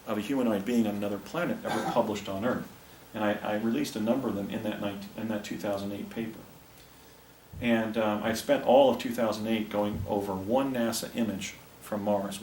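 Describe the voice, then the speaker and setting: An older man giving a talk and recounting a personal story, with a rambling, halting delivery full of restarts. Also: fairly low pitch, darkish tone. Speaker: speaker presenting images to an audience. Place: presentation room with a projector. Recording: echoey room, distant mic, faint hiss.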